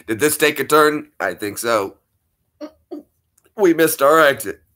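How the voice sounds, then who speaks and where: A man's voice: on the high side, animated, takes it slowly, sharp tone. A man hosting a casual chat, rambling and chuckling as he talks. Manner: rambling, chuckling, self-interrupting. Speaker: channel host.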